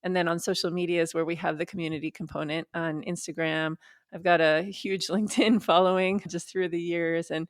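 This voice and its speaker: A woman in her forties speaking as a podcast guest, frank and matter-of-fact. Her voice sits on the low side, and the close mic sounds dry with no room around it. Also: little pitch movement, brisk, no echo. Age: 40s. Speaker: guest, perimenopause advocate. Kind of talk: podcast interview.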